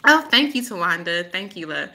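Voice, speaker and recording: Woman, live-stream host, rambling chatty storytelling, frequent laughter, bright tone. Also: on the low side, very animated, moderate pace. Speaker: host and spiritual healer. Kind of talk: casual live-stream chat with viewers.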